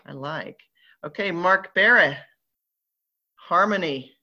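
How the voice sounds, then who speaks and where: A woman's voice: fairly low pitch, slow. Chatty Southern woman reading oracle cards. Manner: chatty, upbeat, playful asides. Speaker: spiritual group leader. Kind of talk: live online card reading. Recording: slightly dull lo-fi audio.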